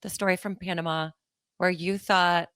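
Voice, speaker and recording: A woman hosting a podcast who chats casually and talks in excited, gushing bursts. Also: fairly low pitch, normal speed, smooth, no room sound, studio quality. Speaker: podcast host.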